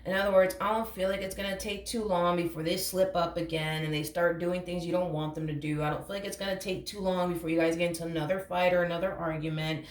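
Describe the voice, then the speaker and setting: Fast and with few pauses, a woman with a lowish, steady voice gives a blunt, casual tarot reading straight to the listener, calling them honey. She drives her points home by repeating them, recorded from a distance in an echoey room.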